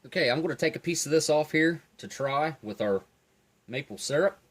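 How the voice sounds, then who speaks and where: A man giving a relaxed, enthusiastic tasting review of field rations, talking while he eats. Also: a little high, fairly quick. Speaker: food reviewer. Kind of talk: casual food review.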